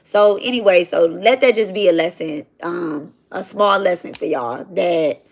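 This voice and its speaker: A woman's voice: lowish voice, unhurried. A woman chatting casually on a livestream while she cooks, rambling and slangy as she tells a spiritual story. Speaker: spiritual content creator.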